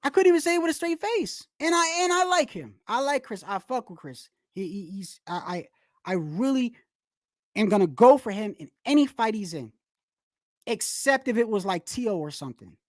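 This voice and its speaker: A blunt woman rants on a live boxing stream. She swears freely and restarts her sentences. The voice sits fairly high, with a dry, close sound. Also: lively intonation, moderate pace, no room sound. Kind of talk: live stream commentary, casual rant.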